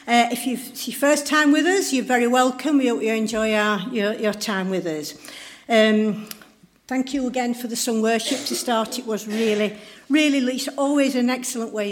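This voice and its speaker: Woman, fairly high pitch, hesitant, friendly, church welcome and notices. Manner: hesitant, friendly, many fillers.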